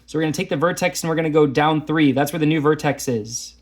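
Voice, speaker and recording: A man talks students through math problems on the board, chatty and a little self-mocking. His voice sits somewhat high for a man. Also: fast. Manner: chatty, self-deprecating, talks while drawing graphs. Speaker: math teacher. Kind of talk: casual lesson walkthrough.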